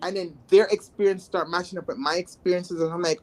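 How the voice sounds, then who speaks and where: A trans woman from Jamaica, voice on the low side, tells her life story a little fast with few pauses. Her casual telling is animated, full of exclamations as she reenacts what she used to think.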